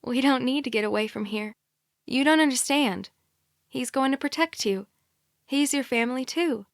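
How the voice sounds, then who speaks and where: A woman voicing a brainwashed young woman who speaks in a light, monotonous, robotic way. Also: high-pitched, normal speed, dry recording, studio quality. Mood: flat insistent. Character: brainwashed older sister, young woman, eerily calm.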